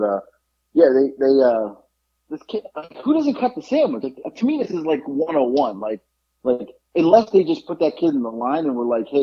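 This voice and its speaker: A man hosting a podcast, telling a story in an animated, exasperated way over dull lo-fi audio. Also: mid-range voice, husky. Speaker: podcast host. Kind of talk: casual chat, storytelling.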